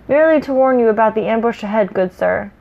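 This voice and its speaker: A woman's voice: on the high side, animated, fast talker, gravelly, muffled recording. Woman reading as a bold, friendly stranger warrior.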